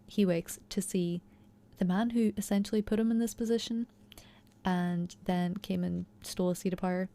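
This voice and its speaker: A young woman chats enthusiastically through a recap and analysis of a TV episode, leaning hard on fillers like "you know" and "like." Her voice is mid-range and dark-toned, with fairly even intonation at a normal speed. It's casual commentary throughout.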